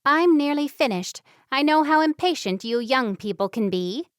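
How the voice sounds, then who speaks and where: A brisk older healer woman from a storybook, as a female narrator puts her on. She talks in a practical, matter-of-fact way, and the voice sounds close and dry. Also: sits high, expressive, no echo, pitched above the performer's own voice.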